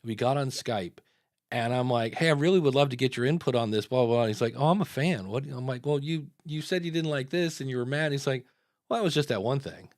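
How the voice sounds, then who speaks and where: A man's voice: medium pitch, fast, dry recording, studio quality. Conversational man hosting a podcast. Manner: conversational, storytelling, acts out quotes. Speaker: podcast host. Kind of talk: casual podcast chat.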